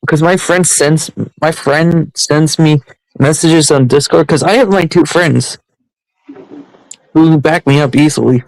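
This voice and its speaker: A man's voice: fairly high pitch, a little slow, dry recording, low-quality recording. A man streamer ranting heatedly on his livestream, repeating himself and restarting sentences.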